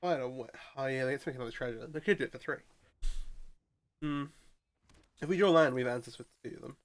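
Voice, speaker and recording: Guy thinking out loud over a card game, mumbly, keeps restarting, normal mid voice. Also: mid-range voice, fast. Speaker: streamer playing a card game. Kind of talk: casual gameplay commentary.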